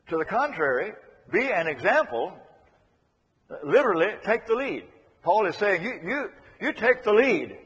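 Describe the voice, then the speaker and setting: A man preaching a sermon, emphatic, repeating key phrases and moving between loud and hushed delivery. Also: sits high, husky. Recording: lo-fi, long hall reverb.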